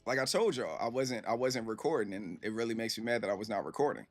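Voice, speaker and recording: Fast-talking, animated male gaming storyteller. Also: on the low side, soft background music. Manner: animated, profane, acts out quoted voices. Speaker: gaming streamer. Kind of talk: casual storytelling to viewers.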